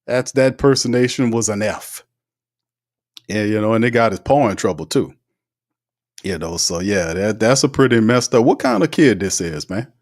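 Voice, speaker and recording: A man with a fairly low voice hosts a loose live sports talk stream. He reads viewer comments aloud and riffs on them. His delivery is animated and emphatic, full of slang and frequent laughter. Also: normal speed. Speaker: sports talk show host.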